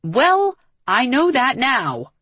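A woman voicing a defiant, quick-tempered young woman who answers sharply. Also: medium pitch, no room sound, lightly acted. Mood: exasperated. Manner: sharp, retorting.

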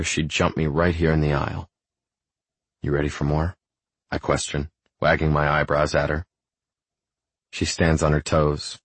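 A man narrating a first-person romance novel in a calm, measured way. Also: a bass voice, dry recording. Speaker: audiobook narrator.

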